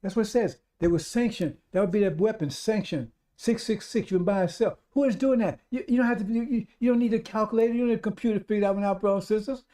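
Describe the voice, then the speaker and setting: A man's voice sits high as he preaches over the radio, fast and with hardly any pauses. His fervent, repetitive street-preacher delivery calls listeners brothers and sisters and climbs toward loud exhortations.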